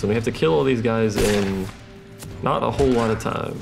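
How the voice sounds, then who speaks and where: A man with a lowish voice and vocal fry talks at a normal speed over music while playing a game. He gives dry, casual commentary and reads the on-screen text aloud between comments.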